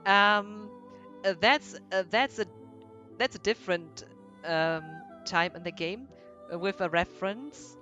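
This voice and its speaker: A woman's voice: mid-range voice, slow, bright, forceful tone, muffled recording, soft background music. A woman, chatting and explaining with many fillers during gameplay commentary. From Germany. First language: German. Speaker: game streamer.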